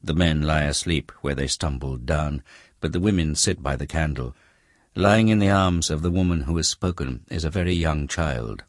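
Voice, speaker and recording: A man with an extremely deep voice narrates a classic novel as an audiobook. His reading is measured and descriptive, and the close recording sounds dry. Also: dry recording. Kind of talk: scripted narration.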